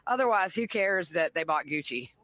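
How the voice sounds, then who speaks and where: A woman's voice: fairly low pitch, expressive, moderate pace, fairly bright tone, no echo. A woman reporter speaking as a guest on a news show, hedging and careful while she speculates.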